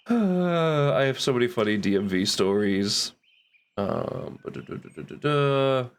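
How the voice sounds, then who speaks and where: A man's voice: medium pitch, lively intonation, slow pace, clean tone. Chatty man thinking aloud while gaming. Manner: thinks aloud, reads game text, laughs easily. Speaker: streamer playing a game. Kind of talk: casual gameplay chat.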